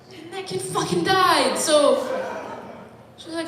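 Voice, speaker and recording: A woman's voice: extremely high pitch, slow pace, pauses often, a bit bright. A woman doing a stand-up comedy set in a bar, talking in a rambling, self-deprecating, conversational way. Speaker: stand-up comic. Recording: echoey bar room, faint noise.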